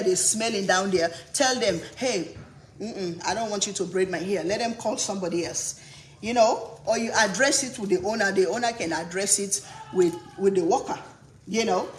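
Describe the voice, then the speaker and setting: A woman's voice: mid-range voice, normal speed. A woman from Africa, a cooking channel host, ranting indignantly and emphatically on a live stream, often repeating herself. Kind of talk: heated livestream rant. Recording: echoey room, faint background noise.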